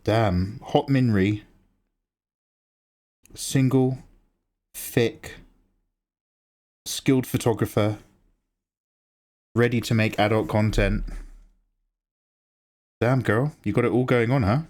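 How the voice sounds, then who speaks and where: A man's voice: on the low side, slow, pauses often, darkish tone. A man chatting casually on a drawing livestream, joking and rambling through asides to his viewers. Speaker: art streamer.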